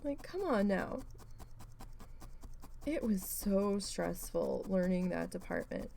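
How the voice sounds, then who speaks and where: A woman vlogger chatting casually while needle felting, animated and swearing freely as she tells a story. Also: medium pitch, slow pace, gravelly, slight background noise, rough recording. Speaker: craft vlogger.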